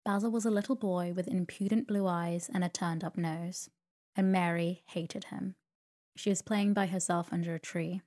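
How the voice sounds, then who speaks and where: A woman narrating a sleep story in a slow, soothing reading voice. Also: fairly low pitch, darkish tone.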